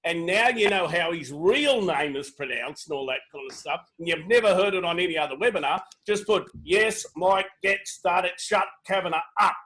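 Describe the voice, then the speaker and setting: Man, middle-aged, high-pitched, pushy joking webinar host on a video call. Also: moderate pace, hardly any pauses, a bit bright. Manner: brash, joking, pushy audience prompts. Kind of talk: lively sales webinar chat.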